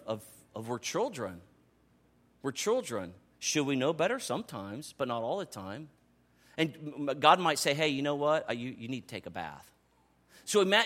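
A man in his thirties preaching a sermon in a conversational, animated way, dropping to soft asides and rising to excited calls. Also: fairly high pitch. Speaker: pastor.

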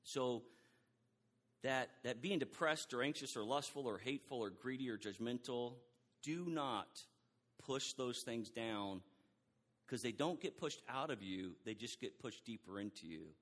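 A middle-aged man preaching a sermon in an animated way, acting out quoted dialogue and often restarting his sentences. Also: mid-range voice, a little slow, long reverb tail.

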